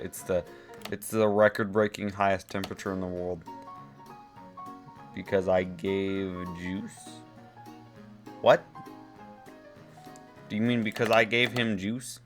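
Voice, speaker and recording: Lowish-voiced man mocking silly posts. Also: level tone, measured pace, soft background music. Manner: incredulous, mocking, laughing, rambling with fillers. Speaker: vlogger reacting to posts. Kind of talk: casual reaction commentary.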